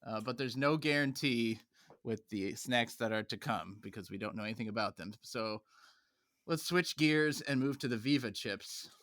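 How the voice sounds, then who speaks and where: A man's voice: medium pitch, normal speed, fairly bright tone, dry recording, clean studio sound. A man hosting a podcast, steering a chatty talk through snack reviews. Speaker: podcast host. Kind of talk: casual chat.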